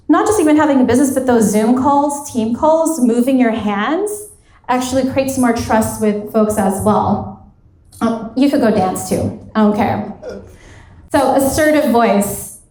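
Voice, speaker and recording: A woman in her thirties leads a live motivational workshop, her voice sitting a little high and ringing around a roomy hall. She talks casually and fills her sentences with "like", slipping into quoted bits of dialogue as she coaches. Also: mellow. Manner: conversational, peppered with "like", acts out quoted dialogue. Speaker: career coach giving a workshop talk. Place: event hall at a women's retreat.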